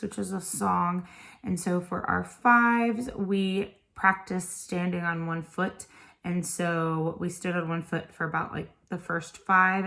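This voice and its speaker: A woman with a slightly low voice talks in an easy, chatty way, like a tutor walking other parents through a lesson. She sounds a little tired and explains things step by step. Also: vocal fry, a bit bright. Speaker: homeschool tutor. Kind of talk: casual instructional video.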